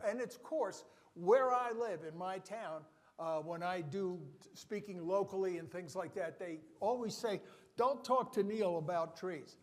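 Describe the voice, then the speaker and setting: Older male speaker, New Jersey accent, high-pitched, chatty asides and dad jokes. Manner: joking, self-deprecating, rambling asides. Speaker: conference speaker. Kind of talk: live conference presentation.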